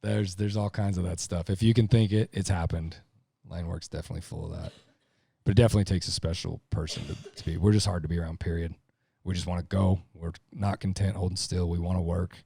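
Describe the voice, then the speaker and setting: A man's voice: deep voice, fairly even intonation, fast, gravelly, warm tone, breathy edge, no room sound. A middle-aged man talking casually on a podcast, blunt, profane and emphatic. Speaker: podcast guest, lineman.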